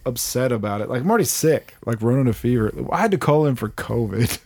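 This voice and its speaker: A man, chatting on a podcast as host, telling animated stories, swearing freely and laughing often. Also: medium pitch, fast talker. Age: 30s. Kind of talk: casual chat.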